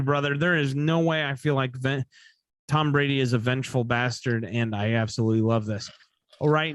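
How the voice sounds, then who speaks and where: A man's voice: fairly high pitch, fairly bright tone, clear, resonant tone, no echo, clean studio sound. A man hosting a casual sports betting podcast, sleepy and yawning, rambling and correcting himself as he talks. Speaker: podcast host.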